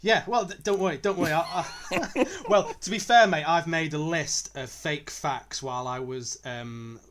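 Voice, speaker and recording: A man's voice: fairly high pitch, moderate pace, a bit bright, slight background noise. A man co-hosting a casual football podcast, easygoing and chatty, laughing readily. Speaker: podcast co-host.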